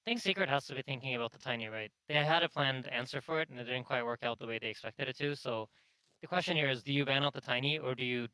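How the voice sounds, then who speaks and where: A man analysing esports drafts in a measured, analytical way. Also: mid-range voice, sharp tone, clean tone, no echo, rough recording. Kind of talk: panel analysis.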